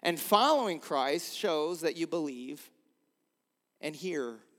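A man preaching a sermon as a pastor, earnestly posing rhetorical questions and swinging between emphatic and hushed delivery. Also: on the high side, lively intonation, takes it slowly. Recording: long hall reverb.

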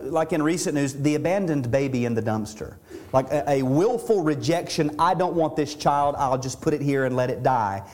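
A man's voice: medium pitch, a little mellow. A middle-aged man preaching an expository sermon as pastor, earnest and conversational, often restarting and repeating words as he explains a passage.

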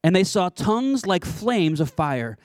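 Animated preaching man, high lively voice. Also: unhurried, dry recording, clean studio sound. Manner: animated, conversational preaching with playful asides. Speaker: pastor. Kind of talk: sermon.

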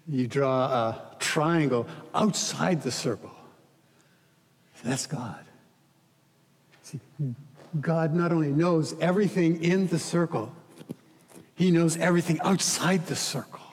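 A man preaching as pastor, earnest, dropping quiet for scripture reading and rising to emphatic pleading. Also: fairly high pitch, long reverb tail. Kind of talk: sermon.

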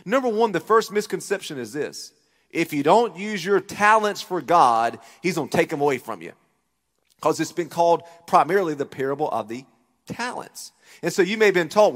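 A man preaching a sermon as pastor, animated, acting out voices as he retells a story. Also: fairly high pitch, moderate pace, long reverb tail. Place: church auditorium.

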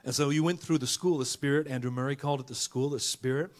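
A middle-aged male pastor preaching a lively sermon in a church, calling out to the congregation and rhyming. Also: mid-range voice, quick pace. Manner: fired-up preaching with call-and-response and rhymes. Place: church sanctuary.

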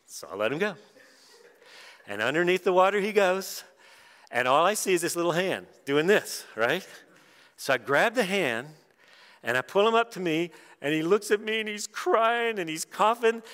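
A middle-aged man, preaching a sermon and telling personal stories, dropping quiet and then rising loud and excited. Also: high-pitched, moderate pace. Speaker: pastor. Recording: long hall reverb.

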